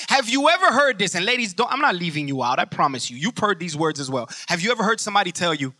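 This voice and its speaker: A man's voice: high voice, expressive, quick pace, few pauses, sharp tone, dry recording, clean studio sound. A man preaching a sermon in an emphatic, conversational way, asking rhetorical questions as he goes.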